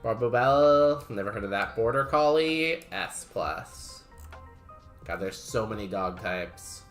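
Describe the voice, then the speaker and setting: A man streaming a game, chatting casually and musing aloud in a wry, unhurried way. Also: lowish voice, animated, a bit bright, soft background music. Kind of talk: casual livestream chat.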